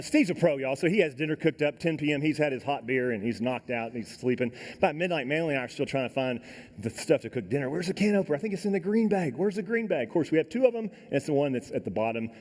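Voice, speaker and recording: Animated storytelling man in a big hall. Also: medium pitch. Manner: animated, folksy storytelling, acting out voices. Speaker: keynote speaker. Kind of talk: dramatic storytelling speech. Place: large conference hall. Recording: echoey hall sound.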